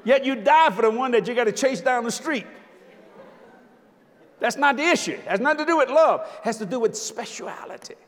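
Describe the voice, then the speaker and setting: An older man preaching a sermon, emphatic and joking, now and then breaking into shouts. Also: very high voice, animated, a little fast. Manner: emphatic, jokey preaching with sudden shouted lines. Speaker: visiting preacher. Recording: long hall reverb.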